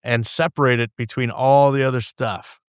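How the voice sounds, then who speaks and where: A man sits in a podcast studio, guesting and telling loose, rambling stories. His voice is smooth and resonant at a middle pitch, picked up dry and close on the mic. He swears freely and now and then acts out what others said. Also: steady tone, moderate pace, no echo. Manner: rambling, laughs often, swears, acts out his boss's lines. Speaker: guest brewer. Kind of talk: casual storytelling chat. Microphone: studio microphone.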